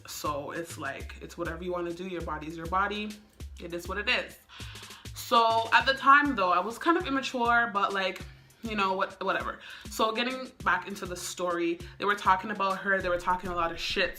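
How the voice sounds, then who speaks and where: A young woman tells a story in a loose, chatty way, leaning on "like" and "um." Her voice sits a bit low but has a bright, forceful edge. Faint music plays behind her. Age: young adult. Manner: chatty, full of "like" and "um" fillers. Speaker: vlogger. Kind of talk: casual storytime.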